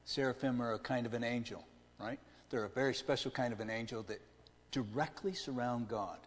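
A man's voice: medium pitch, fairly quick. A man delivers a sermon in an easy, conversational way, often turning to his listeners with questions. His voice sits in an ordinary middle range. A long reverb trails each phrase, as if he is speaking in a large church hall. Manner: conversational preaching, asks the audience questions. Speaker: pastor.

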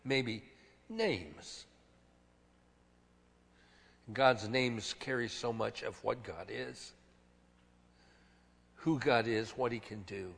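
A man preaching a sermon, swinging from hushed, low phrases to loud shouted ones and drawing key words out slowly. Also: vocal fry. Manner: slow, drawn-out emphasis on key words. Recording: long reverb of a large hall.

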